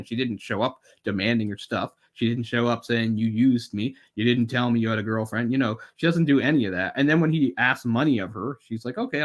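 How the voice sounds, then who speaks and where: A man's voice: mid-range voice, fairly bright tone. A man co-hosting a podcast, chatting casually and wryly about a film, rambling and swearing now and then. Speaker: podcast co-host.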